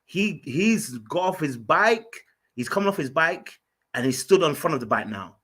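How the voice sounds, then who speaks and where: A man from Ghana, telling an animated story in casual podcast chat, full of fillers and restarts. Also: a little high, moderate pace, breathy edge. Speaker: podcast guest.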